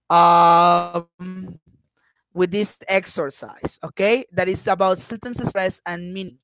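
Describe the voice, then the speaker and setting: A woman's voice: mid-range voice, background noise. A woman English teacher leading an online class, patient and encouraging, dropping in frequent uh-huhs.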